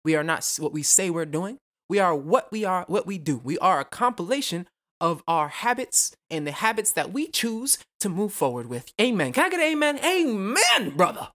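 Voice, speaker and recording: Fast-talking, profane young podcast host. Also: male voice, sits high, animated, fairly bright tone. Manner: rambling, profane, goes off on tangents; jokey, self-mocking asides. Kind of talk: casual solo podcast monologue.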